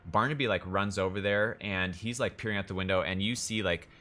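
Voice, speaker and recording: A man's voice: low-pitched, a little fast, pushed and bright. A young man narrating a tabletop game as game master over an online call, rambling with lots of fillers.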